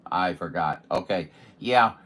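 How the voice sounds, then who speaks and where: A man's voice: low-pitched, a little slow, fairly bright tone. A man from Missouri, a radio operator chatting in a casual, folksy, joking way with other stations. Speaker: radio operator streaming contacts. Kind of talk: casual ham radio chat.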